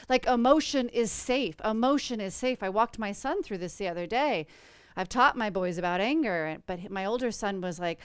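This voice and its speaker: Woman host talkin about spirit stuff, smooth clear voice, dry close sound, lots of "you know". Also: medium pitch, expressive, a little fast, no room sound. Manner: earnest, flowing, many "you know" fillers. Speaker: podcast host. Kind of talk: spiritual conversational chat.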